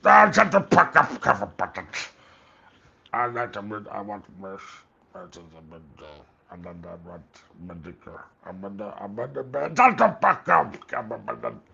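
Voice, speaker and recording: A man putting on a high-pitched, cursing voice of an abrasive older man. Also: wildly swooping pitch, a little slow, vocal fry, pushed and bright, muffled recording, slight background noise, full character voice. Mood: ranting.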